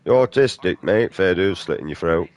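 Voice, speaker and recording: A man's voice: low-pitched, lively intonation, normal speed, a little mellow, no echo. A man, a gaming streamer delivering an aggressive, profane rant in blunt slang. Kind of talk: angry off-topic rant during gameplay.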